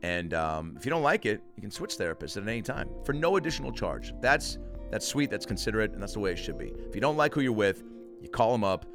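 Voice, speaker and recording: A man hosting a comedy podcast, chatting casually and rambling in a jokey way, also doing an ad read. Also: lowish voice. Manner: rambling, jokey, lots of fillers.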